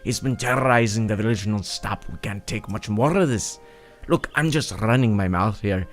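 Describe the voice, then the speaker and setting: A man's voice: fairly low pitch, moderate pace, soft background music, close to an everyday voice. A man voicing a chatty male bird-folk innkeeper in a mock Irish-Scottish accent. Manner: chatty, rambling.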